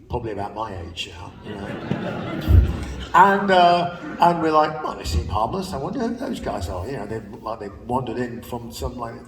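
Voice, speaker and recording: On a large theater stage at a live spoken-word show, an older man with a medium-pitched voice tells anecdotes in a chatty, laughing way, swearing casually. The recording is distant, taken from the audience in a reverberant hall with a little hiss or hum.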